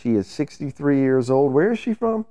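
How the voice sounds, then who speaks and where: A man's voice: medium pitch, sing-song, moderate pace, mellow. A man co-hosting a casual podcast, telling loose, rambling stories with some swearing. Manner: loose, laid-back storytelling with profanity. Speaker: podcast co-host. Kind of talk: casual banter.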